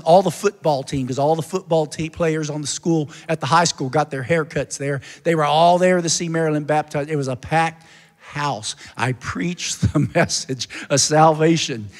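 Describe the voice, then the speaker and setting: A man's voice: a little high, a little mellow. A male pastor telling a story in a sermon, earnest and narrative, building to a fervent call to the congregation. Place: church sanctuary. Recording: long church hall reverb.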